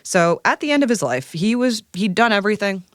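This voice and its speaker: A woman from Canada, a science writer guesting on a podcast, talking in an animated, enthusiastic storytelling way. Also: medium pitch, a little fast, no echo, studio quality. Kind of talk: casual podcast conversation.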